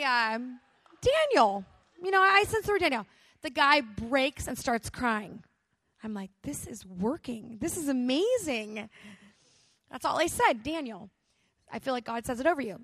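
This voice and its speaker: Lively high-voiced woman preacher, dry sound. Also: dry recording. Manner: animated, self-mocking, acts out quoted voices. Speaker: pastor. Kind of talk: storytelling sermon to a live crowd. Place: gymnasium.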